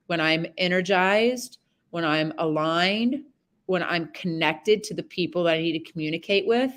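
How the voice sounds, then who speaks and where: A woman horsemanship coach talking a student through a live session over a video call, rambling, chatty and candid, with some mild swearing. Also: mid-range voice.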